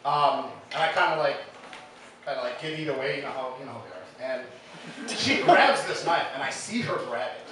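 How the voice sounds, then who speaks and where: A man from Illinois doing a stand-up comedy set, telling his stories casually with lots of fillers and quick acted quotes, on a stage mic. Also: medium pitch, a crowd in the background. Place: live comedy venue. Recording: echoey room taped from far off with noise.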